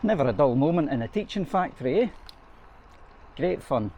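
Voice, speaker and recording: Riding his bike along an urban road, a middle-aged man who is a head teacher tells wry, chatty anecdotes to a bike-mounted action camera for a casual vlog. He has a fairly high, mellow voice, lively intonation, and normal speed. Faint traffic and street sounds come through.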